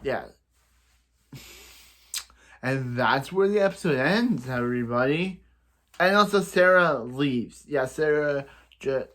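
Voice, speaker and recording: A man's voice: mid-range voice, fairly bright tone. A young man casually recapping a TV episode as a reviewer, rambling and repeating himself, with playful bursts of sound effects.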